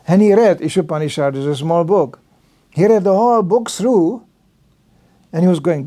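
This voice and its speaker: An older man, visiting a temple as a lecturer, gives an informal religious talk full of anecdotes, his phrasing slightly non-native. He acts out other people's lines in changed voices. His voice is high-pitched and dark in tone, with lively intonation at a moderate pace.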